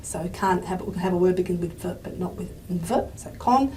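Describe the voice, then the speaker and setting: A woman's voice: on the low side, brisk, a little mellow, a little hiss or hum. A woman giving a pre-recorded linguistics lecture, thinking aloud and dropping to a murmur as she writes on the board. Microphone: microphone she wears.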